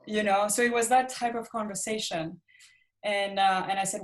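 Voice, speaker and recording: A woman's voice: mid-range voice, steady tone, moderate pace. Laughing woman musician, casual chat. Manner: laughs often, hesitant fillers. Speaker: musician guest.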